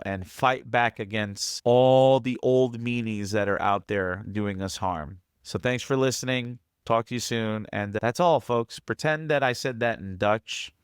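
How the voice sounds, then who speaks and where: Guest commentator: a man with a lowish, smooth voice, jokey and self-deprecating, recorded dry and close. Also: dry recording. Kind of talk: casual review commentary.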